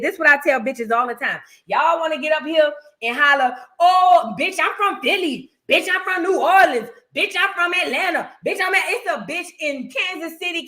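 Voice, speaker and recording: A woman hosting a reaction show, giving blunt, profane, animated commentary in a casual way. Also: sits high.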